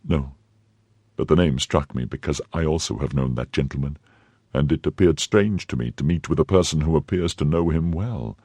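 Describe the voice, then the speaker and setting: A man's voice: very deep voice, moderate pace, a little mellow, breathy edge, no echo. A man voicing a cunning scheming noblewoman. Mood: guarded.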